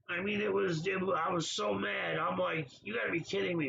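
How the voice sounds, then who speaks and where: A man's voice: sits high, steady tone, normal speed, vocal fry, sharp tone, highs cut off, slight background noise. A man hosting a casual livestream, talking back to viewers in the chat by name in an exasperated way. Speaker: livestream host.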